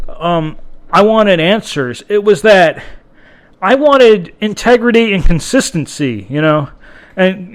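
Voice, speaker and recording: Guy with a high voice going off on his podcast, swears a lot, trips over his words. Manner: rambling, profane, many restarts. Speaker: podcast host. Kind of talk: casual podcast monologue.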